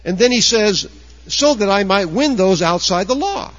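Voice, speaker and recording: A man's voice: high-pitched, animated, moderate pace, dry recording, highs cut off. A man preaching a sermon earnestly, raising his voice to act out quoted objectors. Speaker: pastor.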